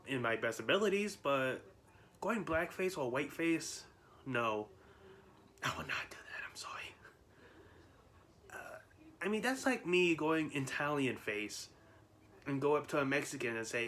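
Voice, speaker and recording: A man's voice: mid-range voice, lively intonation, measured pace, long pauses, a bit bright, slight background noise. A man vlogging in casual chat, rambling with frequent laughs, restarts and fillers.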